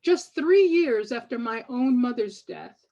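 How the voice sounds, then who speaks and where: Older woman, poet, slow unhurried delivery, reflective and devout, somewhat high voice, dull lo-fi audio. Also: lively intonation, dark tone. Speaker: poet and author. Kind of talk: reading from her book to an audience.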